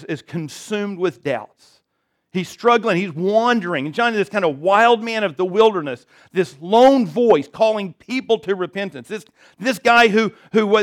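A man preaching a sermon to a church congregation, conversational and self-deprecating, often checking in with "right?". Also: sits high. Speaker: pastor. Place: church service before a congregation.

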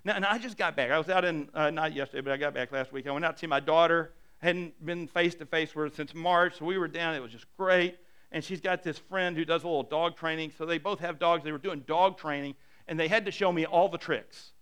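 Preaching a conversational sermon, a middle-aged male pastor speaks briskly in a slightly high, clean tone. He often echoes his opening words and drops to a hushed voice to drive a point home.

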